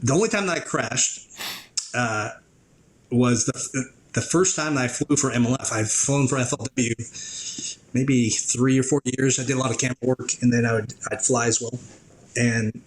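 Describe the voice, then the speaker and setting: Male guest with a mid pitch, a casual and animated storyteller. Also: moderate pace, a little hiss or hum, rough recording. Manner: animated storyteller who acts out others' reactions. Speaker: guest, drone operator.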